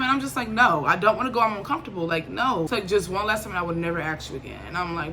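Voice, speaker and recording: A young woman from Liberia telling a storytime vlog in a casual, animated way, acting out quoted lines and swinging between irritation and laughter. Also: mid-range voice, quick pace, hardly any pauses, crowd noise. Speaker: vlogger.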